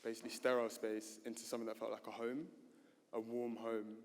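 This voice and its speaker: A man's voice: on the low side, flat delivery, quick pace. A man speaking at a panel event, unscripted and hesitant, with many fillers and restarts. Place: gallery event stage. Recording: reverberant hall.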